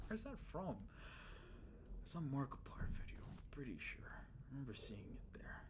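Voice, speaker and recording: A gaming streamer giving casual let's play commentary, rambling and excitable, swinging between muttered whispers and loud outbursts. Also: mid-range voice, brisk.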